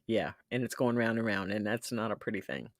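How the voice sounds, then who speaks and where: A woman's voice: extremely low pitch, lively intonation, brisk, no room sound, studio quality. Chatty woman hosting a live stream. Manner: chatty, laughs often, reads chat aloud. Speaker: livestream host. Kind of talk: casual live-stream chat.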